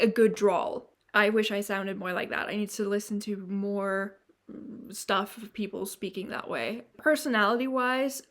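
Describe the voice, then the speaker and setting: A woman's voice: mid-range voice, fairly bright tone. Young woman vlogging, half european half american accent, rambly and blunt, lots of restarts. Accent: mix of non-native European and American. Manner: rambling and frank, with many restarts and swearing; fast s sounds she dislikes. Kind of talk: candid to-camera vlog.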